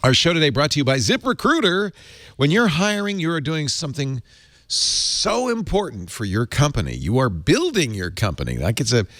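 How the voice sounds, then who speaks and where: A middle-aged man hosting a tech podcast, chatting casually and reading an ad in an animated, rambling way. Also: on the high side, moderate pace, dry recording, clean studio sound. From Rhode Island. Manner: animated, rambling ad delivery with restarts. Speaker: podcast host. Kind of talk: casual tech podcast chat and live ad read.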